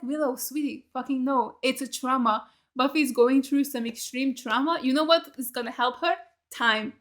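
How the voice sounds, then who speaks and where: A young woman hosting a reaction video, talking casually and heatedly, swearing freely as she gushes and rants about a show. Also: high voice. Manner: heated, animated, swears freely, gushing fan.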